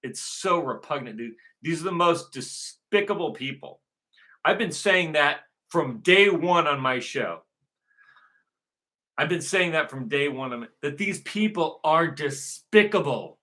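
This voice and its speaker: Guy ranting on his own show, keeps repeating himself, swears a lot, kinda high bright voice. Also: lively intonation, a little slow. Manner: repetitive, profane, emphatic. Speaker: show host. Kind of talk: ranting monologue.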